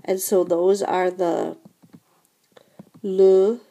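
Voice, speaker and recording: A slow, patient woman teaching a French lesson, walking through verb endings step by step. Her voice is mellow and a little gravelly, with an unhurried, steady delivery. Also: medium pitch. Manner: slow, patient explaining with frequent "so again" and "remember". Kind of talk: recorded classroom lesson.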